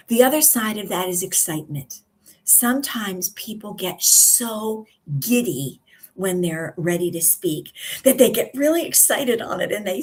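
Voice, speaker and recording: A woman coaching on public speaking in a live video lesson, calm and instructive, pausing deliberately between points. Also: medium pitch, slightly rough. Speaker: communication coach. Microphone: live video stream.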